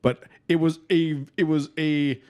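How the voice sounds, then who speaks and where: A man's voice: on the high side, fairly even intonation, a little slow, a little mellow, clear, resonant tone. A man co-hosting a podcast in casual chat, eager to jump in with his own story. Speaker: podcast co-host.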